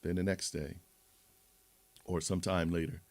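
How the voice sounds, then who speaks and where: A man's voice: low voice, little pitch movement, normal speed, darkish tone, no echo. A man hosting a livestream, rambling and moralizing in a casual monologue with many restarts. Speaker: livestream host.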